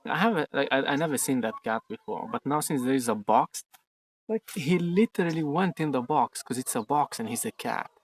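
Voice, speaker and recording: A man's voice: mid-range voice, animated, brisk, slight background noise. A man chatting casually on a livestream outdoors in a garden, rambling and joking with lots of swearing. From Ukraine. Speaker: streamer.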